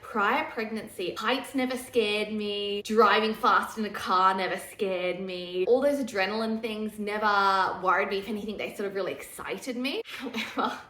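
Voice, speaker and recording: A young woman, pregnant, chatting casually and candidly to camera, laughing easily and dropping into a hushed voice for asides. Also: mid-range voice. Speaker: vlogger. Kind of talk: casual pregnancy update chat. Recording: echoey room.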